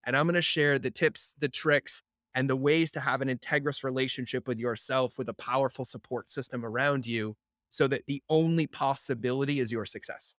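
Brief: male podcast host, average pitch, dry close sound, animated and emphatic, drops swear words. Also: a little fast, no echo. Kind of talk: casual chat.

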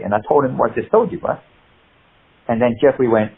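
An older man from the UK, a martial artist and actor, telling animated anecdotes in an interview, acting out the people he quotes and laughing at his own stories. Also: mid-range voice, quick pace. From United Kingdom. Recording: husky voice over a tinny phone-like line.

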